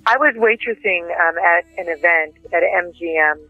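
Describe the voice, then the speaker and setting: A woman's voice: fairly low pitch, normal speed, dry recording, faint music behind. A woman telling stories down a phone line. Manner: lively anecdotes with acted-out quotes. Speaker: interview guest. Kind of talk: casual interview storytelling.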